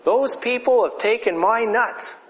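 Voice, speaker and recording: A man's voice: very high voice, unhurried, pitched above the performer's own voice. A man voicing an angry, possessive male squirrel in a story for children, with indignant outbursts. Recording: reverberant hall, faint noise.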